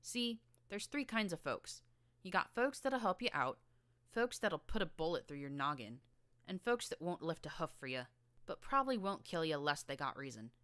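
A woman voicing a tough, streetwise young filly gang leader with a rough rural drawl and a blunt, slangy manner. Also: low voice, very animated, normal speed, fairly bright tone, no echo.

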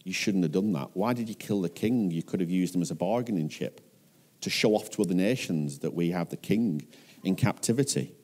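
A man's voice: sits low, a little fast, a little mellow, pitched below the performer's own voice. A man voicing a nervous ancient king. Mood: anxious. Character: anxious ancient king, grown man, fearing his people.

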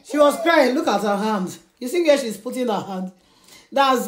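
A woman hosting a casual home vlog, laughing often as she talks slowly to the camera and her baby. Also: on the high side, animated, reverberant, slight background noise. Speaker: vlogger.

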